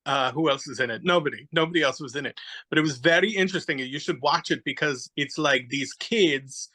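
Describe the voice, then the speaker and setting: A man's voice: a little high, fairly quick, sharp tone, poor audio. A man chatting casually on a podcast, rambling animatedly through a story, searching aloud for names and acting out little quotes. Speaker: podcast guest. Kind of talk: casual chat.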